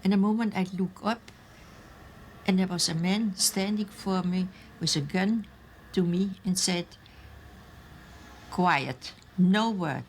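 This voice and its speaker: Slow, halting older woman. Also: medium pitch, steady tone, slight background noise. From Austria. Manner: halting, searching for English words. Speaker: eyewitness interviewee. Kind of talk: documentary interview recollection.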